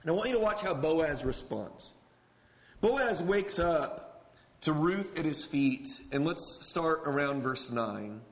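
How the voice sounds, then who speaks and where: A man's voice: fairly high pitch, animated, takes it slowly, long reverb tail. A man preaching a sermon as a pastor, talking in an earnest, conversational way with casual asides.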